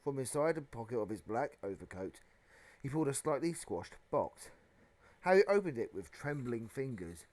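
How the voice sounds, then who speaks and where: A man reading a children's novel aloud as narration, with a dramatic, expressive delivery. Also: mid-range voice, moderate pace. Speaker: audiobook reader. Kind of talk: storybook narration.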